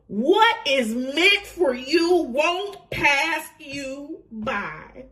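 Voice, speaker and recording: A woman getting over a cold, giving an emotional, effusive tarot reading to camera and laughing often. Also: on the high side. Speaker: tarot reader.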